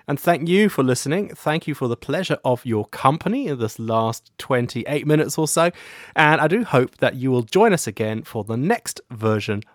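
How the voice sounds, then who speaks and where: A man's voice: mid-range voice, lively intonation, normal speed, no echo, studio quality. A man hosting a podcast, interviewing his guest with short affirmations and signing off the show. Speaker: podcast host.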